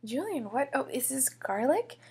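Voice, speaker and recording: A woman voicing a calm, motherly kindergarten teacher in a toy figure story. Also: high-pitched, moderate pace, husky, exaggerated voice.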